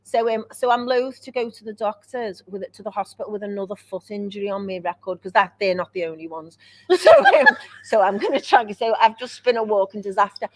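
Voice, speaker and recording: A woman's voice: medium pitch, a little fast. A woman co-hosting a podcast, telling stories about herself with plenty of laughter. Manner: laughing, self-mocking storyteller. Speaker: podcast co-host. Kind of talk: casual chat, storytelling.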